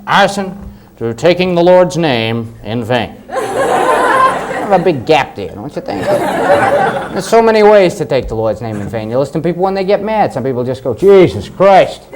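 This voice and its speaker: A man from Massachusetts, a stand-up comedian telling stories with wry, deadpan asides. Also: on the high side, normal speed, over a noisy crowd. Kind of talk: stand-up routine and talk-show chat. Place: comedy club stage with live audience. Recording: 1980s cable TV audio, audience and hiss.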